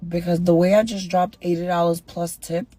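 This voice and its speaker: A woman's voice: lowish voice, fairly even intonation, moderate pace, dark tone, dry recording, faint music behind. A woman ranting in a casual vlog, indignant and sassy.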